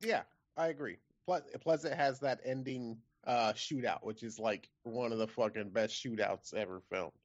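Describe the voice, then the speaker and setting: A man with an ordinary pitch jokes bluntly and swears freely in casual podcast chat. The sound is dry and slightly dull, as if from a modest mic. He cracks wise at the others. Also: moderate pace, hardly any pauses, no room sound. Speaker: podcast co-host.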